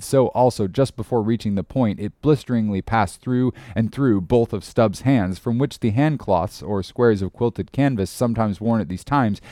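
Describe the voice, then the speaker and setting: A man's voice: fairly low pitch, no room sound. Man reading a novel aloud, dry. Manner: measured, expressive reading. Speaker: audiobook narrator. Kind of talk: scripted narration.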